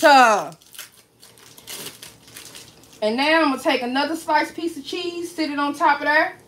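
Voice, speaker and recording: A woman's voice: high-pitched, bright, forceful tone, a little hiss or hum. A woman hosting a casual cooking livestream, chatty and playful, talking straight to her viewers and joking as she goes. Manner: playful, swears and jokes.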